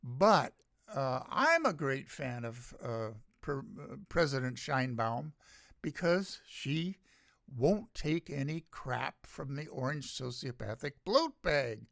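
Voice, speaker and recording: An older man from the United States hosting a solo opinion rant, halting and sardonic, with frequent pauses. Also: mid-range voice, big pitch swings, vocal fry, fairly bright tone, no echo, clean studio sound. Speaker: podcast host.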